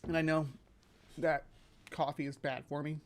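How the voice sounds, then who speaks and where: A woman hosting a live stream in a bubbly, rambling, chatty way, her voice slightly hoarse from sinus drainage. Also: sits low, little pitch movement, moderate pace, a little mellow. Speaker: livestream host. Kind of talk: casual live-stream chat. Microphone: webcam setup.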